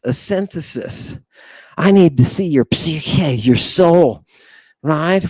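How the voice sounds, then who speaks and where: A man's voice: a little high, darkish tone, no room sound. A man teaching a jokey livestream lesson, theatrical and playful, calling out to his viewers. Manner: theatrical, joking, addresses viewers as people. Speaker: online language teacher.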